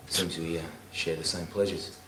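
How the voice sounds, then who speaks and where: A man with an Australian accent auditioning as a suave male secret agent, delivering his lines flat and with little effort. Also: sits low, moderate pace, close to an everyday voice. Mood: deadpan. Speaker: auditioning actor. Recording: roomy old tape with hiss.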